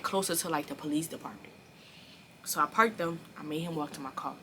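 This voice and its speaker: A woman in her early twenties telling a personal story in a casual, animated and profane way, acting out the dialogue. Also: low-pitched, brisk, a little hiss or hum. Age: early 20s. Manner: animated, blunt and profane, acts out quoted dialogue. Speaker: storyteller vlogger.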